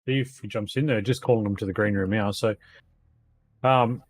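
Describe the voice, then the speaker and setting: A man's voice: on the low side, steady tone, normal speed. A man, co-commentating a sim race with many ums. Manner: hesitant, filler-heavy.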